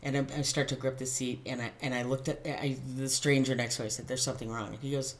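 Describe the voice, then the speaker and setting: A middle-aged woman with a low voice recounts a personal anecdote straight to the camera. She tells it in an animated, casual way, laughing often and starting sentences over. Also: fast. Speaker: tarot channel host.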